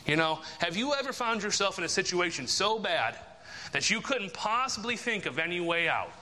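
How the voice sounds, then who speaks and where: A man's voice: sits high, very animated, moderate pace, sharp tone. A man preaching a sermon, emphatic and repetitive, firing rhetorical questions at his listeners. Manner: emphatic, repeats key phrases, rhetorical questions. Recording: long reverb of a large hall.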